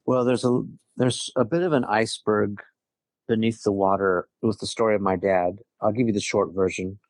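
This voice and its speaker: A middle-aged man recounts a personal story in relaxed conversation. His voice sits on the lower side, and he talks earnestly, often restarting mid-sentence. The sound is dry and close. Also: moderate pace, dry recording. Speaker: guest. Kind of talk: casual conversation.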